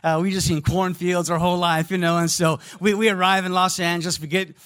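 A man preaching a sermon, telling stories in an animated way and speaking directly to his congregation. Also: high-pitched, fairly quick, clean tone. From American Midwest. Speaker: pastor.

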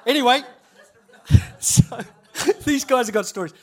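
A man's voice: very high voice, unhurried, a little hiss or hum. A man, a church leader giving a humorous storytelling talk at a conference, chatty and self-interrupting, laughing at his own stories.

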